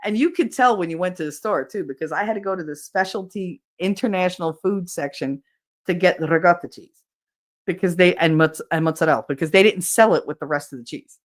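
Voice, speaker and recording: Brief: woman host with a New Jersey accent, a low-pitched voice, loose casual chat that gets animated and exasperated, with swearing. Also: fairly quick. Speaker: podcast host reading live chat.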